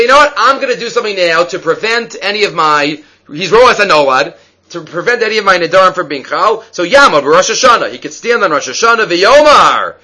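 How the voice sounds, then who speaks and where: A man teaching a Talmud lesson in an animated, questioning way, mixing Hebrew and Aramaic terms into English. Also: high voice. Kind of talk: Talmud lecture.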